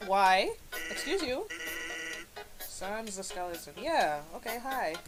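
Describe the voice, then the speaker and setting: A woman's voice: mid-range voice, very animated, slow. A young woman commenting live on a video game as she plays, swearing often and breaking into fits of laughter and shrieks. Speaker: let's play gamer. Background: game music.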